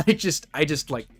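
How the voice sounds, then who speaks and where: A man's voice: fairly high pitch, breathy edge. A man with a Midwestern accent chatting casually as a streamer, rambling, restarting sentences and laughing often. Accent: Midwestern American. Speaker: streamer reacting to a video. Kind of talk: casual chat.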